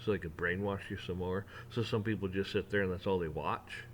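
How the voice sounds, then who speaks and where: A man's voice: sits low, fairly even intonation, fairly quick, slight background noise. Heated man ranting his opinions. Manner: heated, mocking, rising to near shouting at peaks; mimics officials in sarcastic voices. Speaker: rant channel host. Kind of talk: opinion rant to camera.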